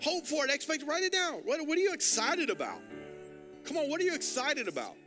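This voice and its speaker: With music in the background, a male pastor preaches a sermon in a very high, sing-song voice at a slightly fast pace. His exhortation is urgent and repetitive, using call-and-response and repeatedly urging the congregation to write things down.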